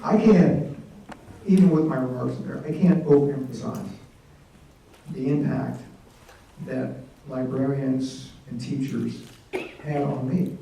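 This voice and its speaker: Animated storytelling man in an echoey hall. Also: mid-range voice, slow, gravelly, pauses often, a little hiss or hum. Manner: animated, comic storyteller acting out voices. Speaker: author at a library event. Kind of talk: storytelling talk on stage. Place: large hall, live audience. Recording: echoey hall, mic from a distance.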